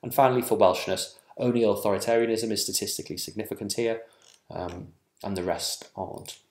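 Low-voiced man giving an academic talk. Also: darkish tone, reverberant. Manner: measured, with frequent ums and self-corrections. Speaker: academic researcher presenting. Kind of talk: conference presentation.

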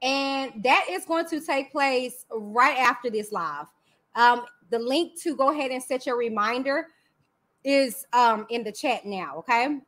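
A woman with a Texan accent hosting a live stream, talking candidly and lively straight to her viewers. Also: high-pitched, measured pace, a little hiss or hum. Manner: lively and candid, talks straight to viewers with "y'all" and "you know what I'm saying". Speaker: livestream host. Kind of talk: casual live-stream commentary.

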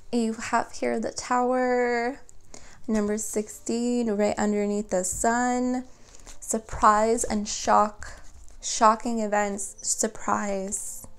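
A woman's voice: fairly high pitch, little pitch movement, drawn-out words, long pauses, slight background noise. A woman giving a spoken tarot reading, chatty and earnest as she talks straight to her viewers. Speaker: tarot reader.

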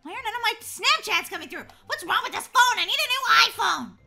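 A woman's voice: very high-pitched, big pitch swings, brisk, creaky, pushed and bright, full character voice. A woman voicing a bubbly, nervous teenage girl with a crush, who stammers and giggles as she talks. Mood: flustered. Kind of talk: voicing a role-play video.

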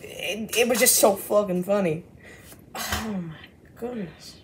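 A woman's voice: medium pitch, slow, noisy background. A woman giving casual, exasperated reaction commentary, laughing and swearing freely. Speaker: video reactor.

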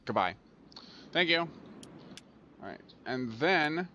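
With a measured pace and long pauses, a gaming channel host speaks in a mid-range, expressive, bright voice with a forceful tone. He casually comments on a transport tycoon game in his let's-play, grumbling at it aloud when it misbehaves. There's a little hiss or hum.

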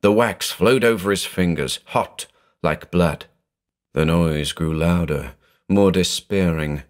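A man reading a horror story aloud in a dramatic, measured narration. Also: low voice.

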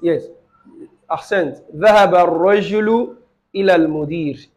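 High-voiced male grammar teacher. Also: darkish tone, poor audio. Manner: asks the student questions and repeats phrases slowly. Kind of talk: live online lesson with a student.

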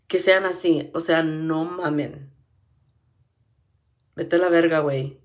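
Middle-aged woman, lowish voice, profane bilingual vlog rant. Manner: profane, switches between English and Spanish. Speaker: vlogger.

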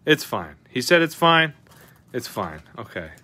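A man hosting a live card-opening stream, chatting casually with viewers, excitable and often swearing as he reacts to each pull. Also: medium pitch, a little slow, slight background noise.

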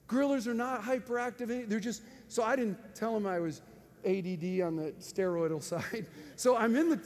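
A man preaching with an animated storytelling manner, laughing often and breaking into sudden loud outbursts. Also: sits high. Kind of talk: storytelling sermon. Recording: faint noise and long hall reverb.

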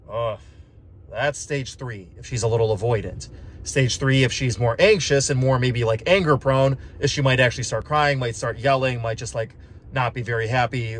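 A physician assistant vlogger talks casually and wryly, explaining things in a conversational way peppered with fillers like "like" and "just." His voice is mid-range, with a bit of background noise in the clip.

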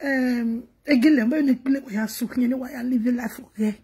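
Speaking at an ordinary pace, this Nigerian-accented woman has a high, mellow, slightly rough voice with a steady tone. As a vlogger addressing her viewers, she pleads, laments and repeats herself, frequently on the verge of tears and sinking into whispers.

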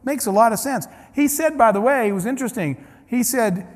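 A man with a fairly high voice delivers a keynote to a large audience, acting out each exchange of his story. His voice rings with a long hall reverb. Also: a little fast, hardly any pauses. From Ohio, United States. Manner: animated storyteller acting out dialogue. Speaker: keynote speaker.

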